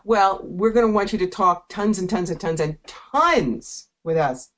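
A woman from South Jersey hosting a call-in radio show, talking in a brisk, playful, chatty way. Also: medium pitch, fairly bright tone. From South Jersey, USA.

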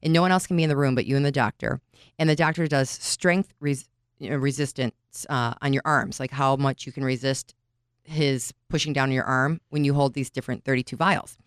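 A woman in her forties co-hosting a podcast, telling stories in casual chat and getting animated when she acts out scenes. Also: very deep voice, brisk, clean tone, dry recording, clean studio sound. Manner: chatty storyteller, animated when retelling scenes. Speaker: podcast co-host.

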